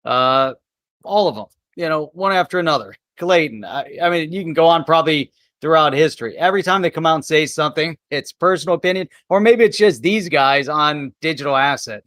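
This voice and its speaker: Man, crypto co-host, casual chat, laughs often, somewhat high voice, dry sound. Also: lively intonation, a little fast, a bit bright, no echo. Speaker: co-host of a live crypto show.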